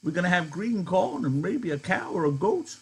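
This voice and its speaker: A man reading a storybook puts on a weathered old farmhand with a husky, raised voice. He pleads earnestly, pressing his dream of a little land of his own. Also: lively intonation, moderate pace, a little mellow, heavily acted. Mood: yearning. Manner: raised pitch, earnest, insistent.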